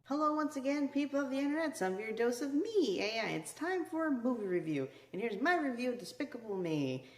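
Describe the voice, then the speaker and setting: A woman's voice: fairly high pitch, big pitch swings, a little fast. A woman hosting a casual video movie review, talking in a chatty way with lots of "you know" and "like.". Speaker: movie reviewer, channel host. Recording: echoey room.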